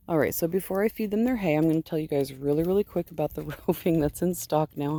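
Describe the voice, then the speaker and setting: Husky-voiced woman chatting at the barn. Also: deep voice, fast, hardly any pauses, dark tone. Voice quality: husky morning voice. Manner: chatty and digressive, easily distracted. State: just woken up, yawning. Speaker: sheep farmer and fiber seller. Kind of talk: casual chatty vlog. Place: outdoors at a barn. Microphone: handheld phone.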